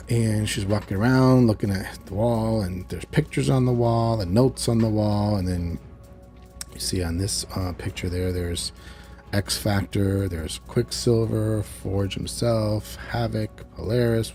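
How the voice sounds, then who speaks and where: A chatty man with a low, mellow voice casually recaps a show episode, piling on asides as he retells it. Faint music runs softly behind him. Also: a little slow. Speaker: video reviewer.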